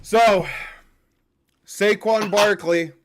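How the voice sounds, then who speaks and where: A man's voice: sits high, fairly even intonation, drawn-out words, background noise. A young man hosting a casual sports chat, profane and heated, ranting in bursts. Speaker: podcast host.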